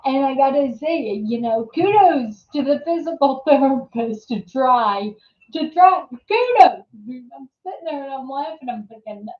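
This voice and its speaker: A woman's voice: high-pitched, moderate pace, few pauses. A woman hosting a live chat show, telling a story casually with many fillers and restarts, laughing easily. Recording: echoey room, dull lo-fi sound.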